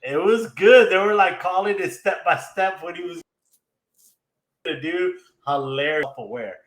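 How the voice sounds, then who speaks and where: A man's voice: high-pitched, normal speed. Guy hyped retelling an anime ep, laughs a lot, echoey room. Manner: animated retelling, laughing, acting out quotes. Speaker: podcast host recapping an anime episode. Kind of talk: casual chat.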